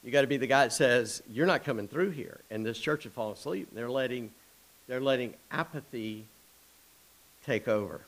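A middle-aged man preaching in a folksy way, mixing anecdotes with scripture. His pitch sits in an ordinary middle range for a man. He talks in loose storytelling runs with quick asides. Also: low-quality recording. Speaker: pastor. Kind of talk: sermon.

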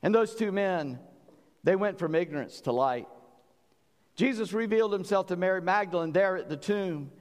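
A preacher tells his sermon with lively storytelling, acting out the voices. His voice sits fairly high for a man. Long hall reverb hangs after his words. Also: moderate pace. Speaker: pastor.

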